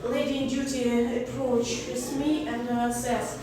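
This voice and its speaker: A woman telling dream stories on a comedy stage, slowly and haltingly, with many fillers and laughs. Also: high-pitched, flat delivery, a crowd in the background. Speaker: comedy performer. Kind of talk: live stand-up storytelling. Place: stage in a hall before a live audience. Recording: echoey hall, recorded from far off. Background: audience laughter.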